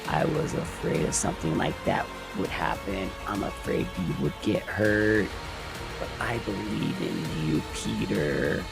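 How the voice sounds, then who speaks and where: A man voicing a lonely ghostly young girl who speaks softly and coaxingly from inside a wall. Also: sits low, unhurried, gravelly, music in the background, heavily acted.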